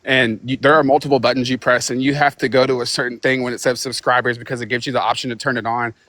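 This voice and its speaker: A man questioning someone on a live stream while out of breath from walking, halting and restarting. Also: medium pitch, little pitch movement, fairly bright tone, no room sound.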